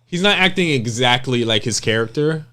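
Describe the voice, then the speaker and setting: A young man co-hosting a casual podcast chat, talking in a relaxed, rambling way with frequent ums. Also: medium pitch, moderate pace. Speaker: podcast co-host.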